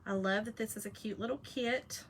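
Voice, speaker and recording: A woman's voice: a little high, steady tone, moderate pace, background noise. A woman, hosting a casual craft live stream, chatty and folksy, teasing her viewers. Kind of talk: casual crafting demo chat.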